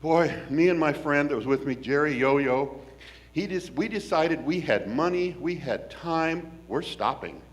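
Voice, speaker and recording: Animated folksy storyteller, man. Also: a little high, unhurried. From Washington State, US. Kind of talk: personal storytelling.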